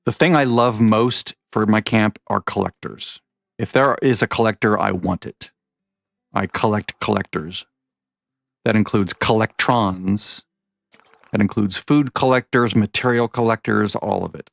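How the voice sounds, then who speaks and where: A man with a low, gravelly voice talks his way through a game in an easy, rambling manner. He often trips over himself and starts his sentences again. The sound is dry and close, with no room around it. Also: steady tone, measured pace, dry recording. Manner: rambling, self-correcting, chatty. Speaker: gaming vlogger. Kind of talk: casual game commentary.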